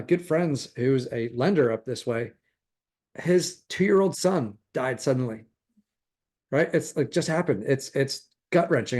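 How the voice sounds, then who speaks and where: A middle-aged man teaching a real estate recruiting class in a casual, animated way, often playing out conversations. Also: mid-range voice. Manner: animated, acts out quoted conversations, chuckles often.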